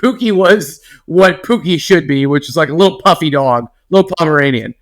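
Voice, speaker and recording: Rambling, lively male podcast storyteller. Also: on the high side, a little fast. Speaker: podcast co-host. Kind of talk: casual storytelling chat.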